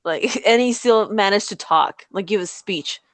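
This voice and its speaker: A woman hosting a podcast in casual chat, loose, profane and quick to laugh. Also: mid-range voice, fairly bright tone, no echo. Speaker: podcast host.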